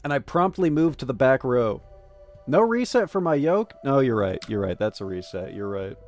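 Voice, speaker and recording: A man's voice: mid-range voice, animated, normal speed, a little mellow, faint music behind. A man streaming live, chatting casually and joking as he reads game text and chat messages aloud.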